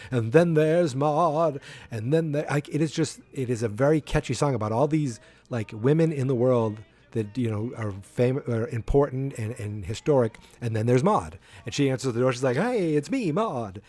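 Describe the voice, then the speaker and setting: A man's voice: medium pitch, moderate pace, dark tone. A man hosting a podcast who gives a casual, rambling recap of a sitcom episode, full of fillers and restarts. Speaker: podcast host.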